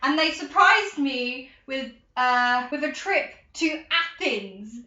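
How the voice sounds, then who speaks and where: An excitable teenage girl, chatting and rambling to her camera in a casual vlog. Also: high voice, slow. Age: teens. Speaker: vlogger. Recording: echoey room, dull lo-fi sound.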